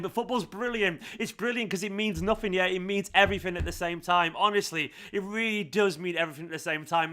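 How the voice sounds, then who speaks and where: Bright-voiced man, heartfelt. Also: high voice. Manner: heartfelt, rambling, repeats thanks. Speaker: fan channel host. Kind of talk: emotional to-camera vlog.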